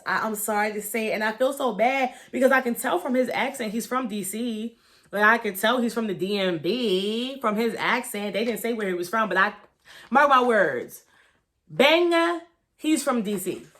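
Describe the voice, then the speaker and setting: A woman's voice: medium pitch, fairly bright tone. A woman giving a candid, gossipy review of a reality show in a casual vlog, talking with lots of fillers and profanity.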